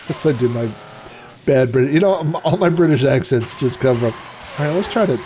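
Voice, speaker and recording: A man's voice: mid-range voice, animated, moderate pace, long pauses, darkish tone, a little hiss or hum. A middle-aged man streaming retro racing games, chatting in a rambling way and cracking dad jokes. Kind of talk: casual live-stream commentary.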